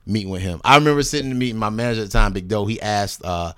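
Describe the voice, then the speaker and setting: A man from North Carolina, a guest rapper, telling animated stories in a casual interview, swearing freely and acting out what others said. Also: on the low side, rapid-fire, clear, resonant tone. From Greensboro, North Carolina. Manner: animated storyteller, swears freely, acts out quoted people.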